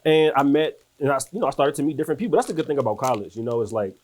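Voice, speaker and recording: A man from Washington, D.C., a guest author and musician, telling long stories in a relaxed way. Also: mid-range voice, very fast. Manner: laid-back, talks in long rambling stories. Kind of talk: casual interview storytelling.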